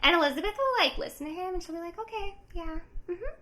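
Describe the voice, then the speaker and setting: High bright chatty young woman. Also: very fast. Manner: animated storyteller, acts out characters' lines, many "like" fillers. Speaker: book podcast co-host. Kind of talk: casual book recap chat.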